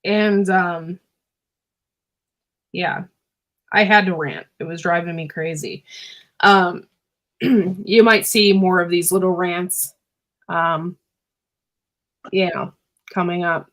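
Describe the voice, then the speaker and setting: A woman hosting a casual livestream. She rambles with many fillers and keeps clearing her throat, which is irritated by pepper fumes. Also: lowish voice, steady tone, slow, pauses often, a bit bright. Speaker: livestream host and homesteader. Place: indoors at home.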